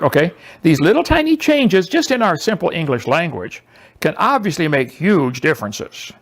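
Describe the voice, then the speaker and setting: High, lively sarcastic male lecturer. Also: creaky. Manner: sarcastic, mocking; animated, emphatic delivery. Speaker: presenter. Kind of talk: lecture to a small audience.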